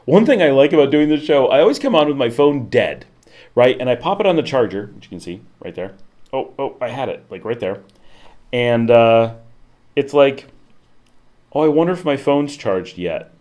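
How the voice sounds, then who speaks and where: A man hosting a casual livestream from his home office, rambling through his thoughts with lots of fillers and lively swings in tone, talking to a desk mic. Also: medium pitch, moderate pace. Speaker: livestream host. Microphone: desk microphone.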